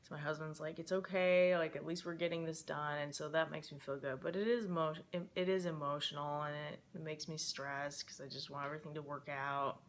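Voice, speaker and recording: A woman's voice: sits low, steady tone, a little fast, few pauses, slight background noise. Rambling young woman vlogging, stressed. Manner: rambling, emotional, many fillers. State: stressed and frustrated. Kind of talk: casual personal vlog.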